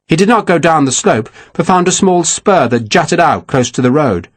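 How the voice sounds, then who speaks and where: A man narrating a historical war novel in a measured, expressive storytelling manner. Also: a little high, no room sound. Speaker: audiobook narrator. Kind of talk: scripted narration.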